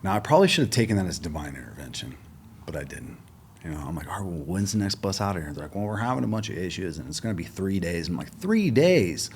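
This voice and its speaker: A man's voice: sits low, expressive, racing, slight background noise. A middle-aged man telling his story as a guest in a casual interview, acting out the dialogue and swearing freely. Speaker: podcast guest.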